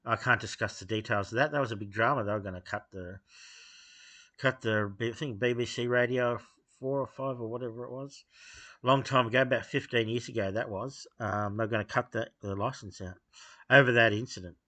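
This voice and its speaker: A man talking off the cuff in a blunt, dismissive way, pausing often with fillers as he gives his opinions to camera. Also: mid-range voice, steady tone, pushed and bright. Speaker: video host giving opinions. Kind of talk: unscripted opinion monologue.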